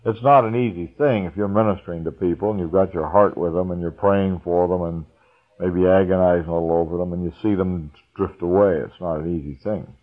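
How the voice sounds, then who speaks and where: A man preaching a folksy, unhurried sermon, chuckling now and then. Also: low-pitched. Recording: tinny phone-like radio broadcast.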